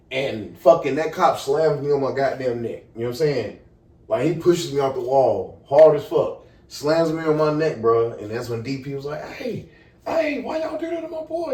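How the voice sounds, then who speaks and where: A young man casually telling a story on a podcast, animated and profane, acting out the people in it. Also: mid-range voice. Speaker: podcast co-host. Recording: echoey room, far from the mic.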